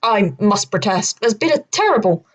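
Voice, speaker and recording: A woman doing a panicked, stammering gentleman. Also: medium pitch, sing-song, normal speed. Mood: protesting. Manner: stammering, indignant, formal. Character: distressed well-spoken gentleman father, protesting.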